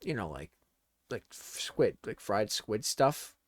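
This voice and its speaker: A man's voice: on the low side, big pitch swings, takes it slowly, no room sound. A man in his twenties doing a casual comedy monologue, laughing often and swearing.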